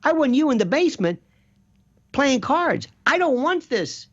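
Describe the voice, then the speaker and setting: Animated rambling man, muffled audio. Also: very high voice, measured pace. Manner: rambling, animated, slips into quoted voices. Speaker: guest commentator. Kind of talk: casual chat.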